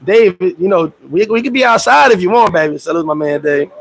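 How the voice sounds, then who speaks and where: Gravelly high-voiced man, slangy live chat. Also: lively intonation, brisk, a little hiss or hum. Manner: loose, profane storytelling with lots of slang; acts out quoted voices, swings pitch up high. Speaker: host.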